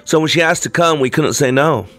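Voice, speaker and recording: Grieving young mother, a man reading her: gentle, apologetic, soft-spoken, over quiet music. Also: on the high side, brisk, no echo, voice pushed up, lightly acted.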